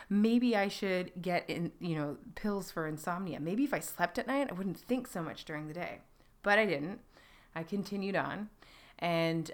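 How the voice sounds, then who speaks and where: A woman in her thirties hosting a podcast, telling her personal story in a halting, reflective way with many pauses and restarts. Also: on the low side. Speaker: podcast host.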